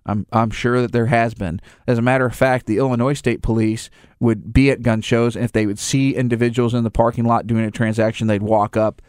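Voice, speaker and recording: A man's voice: mid-range voice, little pitch movement, fairly quick, few pauses, a little mellow, clear, resonant tone, no echo, clean studio sound. Rambling man explaining, acting out scenes. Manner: explains in rambling restarts, acts out little scenes. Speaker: gun store owner. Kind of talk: casual conversation.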